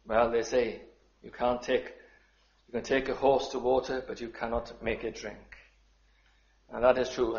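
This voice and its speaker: A man preaching a sermon, measured and deliberate, sometimes rising into fervent appeals. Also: mid-range voice, reverberant, lo-fi sound.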